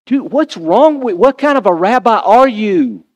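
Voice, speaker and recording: A man's voice: very high voice, very animated, takes it slowly, no echo, in a large hall, voice pushed up, heavily acted. A man voicing an exasperated, overworked woman who pleads indignantly while hosting guests.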